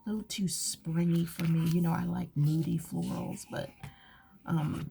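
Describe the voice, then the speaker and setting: A woman's voice: on the low side, fairly even intonation, unhurried, creaky, dark tone, a little hiss or hum. A woman chatting casually while journaling, rambling and often dropping to a whisper. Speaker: craft channel host. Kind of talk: relaxed journaling chat.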